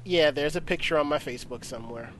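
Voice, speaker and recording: A podcast co-host chatting casually in a relaxed, joking way. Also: medium pitch, quick pace. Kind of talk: casual chat.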